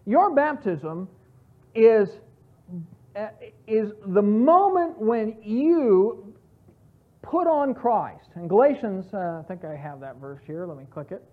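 A woman's voice: mid-range voice, expressive, takes it slowly. Woman teaching Bible study, tinny sound. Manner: earnest, emphatic, with restarts.

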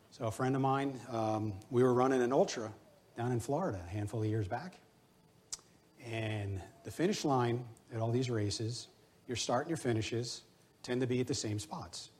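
Middle-aged male pastor, earnest sermon delivery, mid-range voice, exhorting tone. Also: medium pitch. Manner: earnest, exhorting, personal running anecdotes.

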